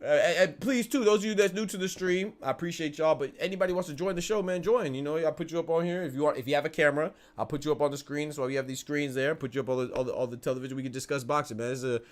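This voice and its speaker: A man hosting a live boxing stream, chatting casually and asking viewers whether they follow him. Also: fairly high pitch. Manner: chatty, tag questions, quick restarts.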